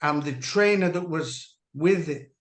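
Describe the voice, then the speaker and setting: A man, a former dolphin trainer, giving earnest personal testimony as an interview guest, measured and halting with restarts. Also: fairly high pitch. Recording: roomy echo.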